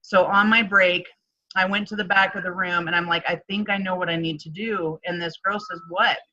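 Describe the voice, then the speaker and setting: Woman coach, low-pitched but bright and forceful, candid storyteller, dull lo-fi sound. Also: steady tone, normal speed. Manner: emotional storytelling with many fillers, acts out quotes. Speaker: life coach. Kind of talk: candid personal story in an interview.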